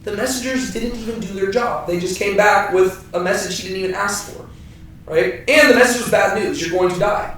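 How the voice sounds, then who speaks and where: A man's voice: high voice, a bit bright. A man leading a Bible study with a small group in a room, joking, laughing often and checking in with "right?". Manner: playful, laughs often, keeps asking "right?". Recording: echoey room from far off.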